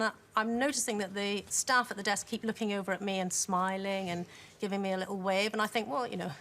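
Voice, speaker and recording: Bright-voiced woman telling a story. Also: medium pitch, slight background noise. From Northern Ireland. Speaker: audience member telling a story. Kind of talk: anecdote.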